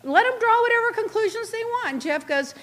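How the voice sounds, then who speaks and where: A woman in a casual chat, telling a story in an animated, indignant way with quick asides. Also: very high voice. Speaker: guest recounting reality show events.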